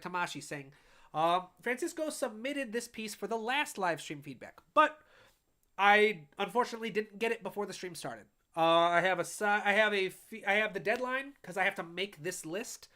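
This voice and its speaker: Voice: medium pitch, a bit bright. A composer hosting a casual live stream of music feedback, chatty and full of fillers. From United States. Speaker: composer and host.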